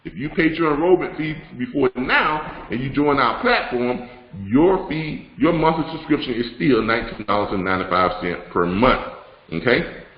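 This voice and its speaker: A man's voice: mid-range voice, lively intonation, normal speed. A man hosting a live online business broadcast, talking in a loose, rambling way with lots of fillers and restarts as he gives announcements and teaches. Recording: roomy, slightly dull sound.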